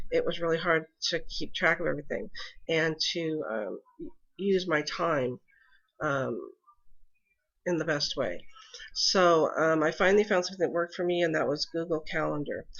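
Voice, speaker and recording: A woman's voice: sits low, normal speed, vocal fry, dull audio. A congested woman walking through her calendar in a casual screen-recorded tutorial, hesitant and full of ums. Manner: hesitant, many ums and restarts. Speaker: mom explaining her calendar setup.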